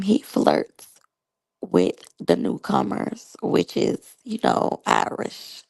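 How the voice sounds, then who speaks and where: A woman's voice: a bass voice, creaky, a little mellow, husky, no echo, poor audio. A woman in her thirties chatting casually to her viewers while reviewing a reality show, talking straight to the audience. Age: 30s.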